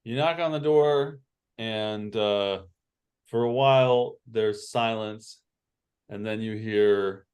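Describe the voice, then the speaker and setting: Slow, halting game-master man. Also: lowish voice, darkish tone, clean tone. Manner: halting, full of fillers and restarts. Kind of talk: narrating a tabletop game.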